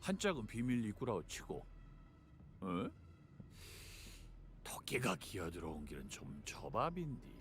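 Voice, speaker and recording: An actor playing a gruff, folksy older man in a game, talking in a southern Korean dialect and scolding in a lively drawl. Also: on the low side, rapid-fire, long pauses, faint music behind. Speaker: game character. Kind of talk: game voice acting.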